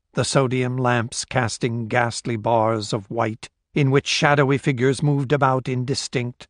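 A man reads a novel as scripted audiobook narration, keeping his storytelling voice steady and measured. He has a medium pitch, recorded at studio quality with no echo.

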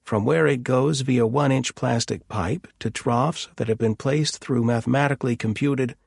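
A man's voice: mid-range voice, normal speed, vocal fry, darkish tone, breathy edge, dry recording, studio quality, voice pushed up. A man voicing an enthusiastic, long-winded rancher in a storybook reading. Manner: chatty, enthusiastic, over-explaining.

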